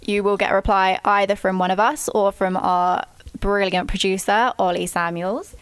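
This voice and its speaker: A woman's voice: medium pitch, steady tone, moderate pace, clean tone, no echo. A young British woman co-hosting a podcast, chatting casually with a dry, teasing wit. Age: young adult. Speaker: podcast co-host. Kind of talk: casual chat.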